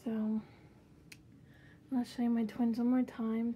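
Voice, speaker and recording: A woman chatting through a casual tour of her bedroom doll collection. Her voice is fairly high but mellow and soft-edged, with little rise and fall, and she rambles along with many fillers. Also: little pitch movement, slow, pauses often, slight background noise. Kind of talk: casual room tour vlog.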